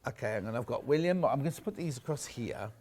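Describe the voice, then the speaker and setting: A man's voice: mid-range voice, expressive, fast, a little mellow. A man presenting fabrics on a live shopping channel, chatty and gushing, stopping often to correct himself. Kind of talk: live TV sales pitch.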